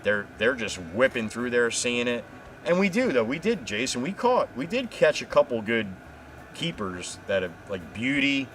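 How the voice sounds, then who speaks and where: A man's voice: mid-range voice, moderate pace, a little hiss or hum. A man from New Jersey on a casual livestream, rambling and swearing as he tells stories. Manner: rambling, profane, animated storytelling. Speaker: livestream guest.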